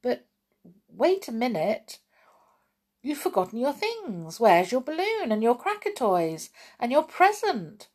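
A woman voicing a kindly grown-up lady who hosts a children's party, speaking warmly. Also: a little high, sing-song, slow pace, voice pushed up, full character voice. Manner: warm, gently surprised.

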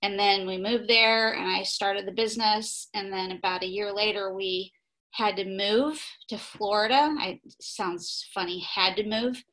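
A woman's voice: medium pitch, fairly even intonation, measured pace, sharp tone, rough recording. A woman from Saint Louis, a guest on a podcast, talking about her work in a chatty way with many ums. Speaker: guest, pet photographer. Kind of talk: casual interview.

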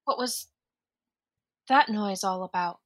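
A woman's voice: mid-range voice, takes it slowly, a bit bright. A woman playing in a tabletop game, curious and asking questions. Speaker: player.

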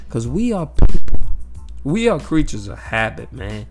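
Over music, a medium-pitched man speaks a little slowly, laying out his views on life as a vlogger. The talk is casual and profane, directed at his listeners, animated and circling the same phrases, with "you know what I'm saying" popping up often.

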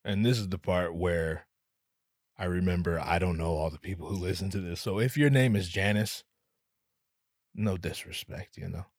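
Low-voiced, profane podcast host. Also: male voice, moderate pace, no echo, clean studio sound. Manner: profane, joking, slips into voices. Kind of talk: casual comedic monologue.

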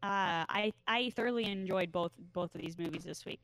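A woman's voice: medium pitch, brisk, a bit bright, slight background noise, low-quality recording. A woman co-hosting a casual podcast, talking with frequent ums and hesitant restarts. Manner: hesitant, many ums, enthusiastic. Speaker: podcast co-host.

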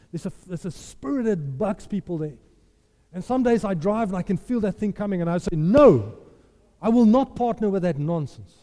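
A pastor preaches a sermon in a high-sitting, dark-toned male voice, emphatic and impassioned, repeating phrases for effect. A long hall reverb surrounds the recording.

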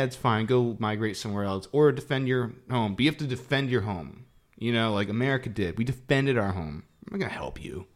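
Man, casual podcast banter, jokey, animated swooping pitch, restarts a lot. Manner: joking, trails off and restarts, animated. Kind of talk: casual chat.

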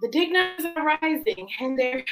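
A woman's voice: high voice, lively intonation, unhurried, over music, rough recording. A woman co-hosting a podcast, talking in a blunt, brash, joking way. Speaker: podcast co-host. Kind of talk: casual chat.

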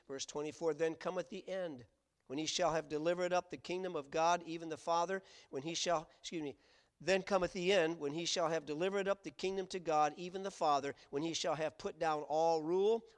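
A man's voice: on the high side, smooth. A man preaching a sermon, emphatic and repetitive, reading scripture aloud between points. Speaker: pastor.

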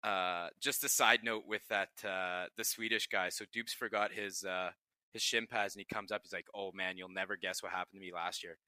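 A young man spins locker-room tales with a bright, lively edge and lots of swearing. His voice sits a little low, and the sound is dry and close with no room around it. It's loose, casual podcast banter. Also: normal speed, no room sound. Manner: profane, laughing anecdotes. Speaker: podcast co-host, pro hockey player. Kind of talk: casual storytelling chat.

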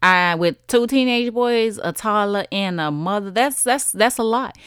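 A woman's voice: mid-range voice, a little slow, a bit bright, clean tone, dry recording, studio quality. A woman in her thirties hosting a solo podcast, chatting in an encouraging way and talking straight to her listeners. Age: 30s. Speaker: podcast host. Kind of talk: casual solo podcast talk.

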